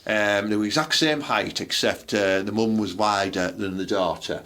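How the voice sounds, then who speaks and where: A man's voice: lowish voice, moderate pace, pushed and bright. A man with a Teesside accent co-hosting a podcast in crude, jokey, sweary banter. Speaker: podcast co-host. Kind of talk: casual chat.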